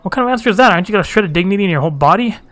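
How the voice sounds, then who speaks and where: A man's voice: fairly high pitch, fast talker, fairly bright tone, no echo, soft background music, natural voice. A man voicing a brash, blunt, scornful Roegadyn warrior woman in a fantasy game.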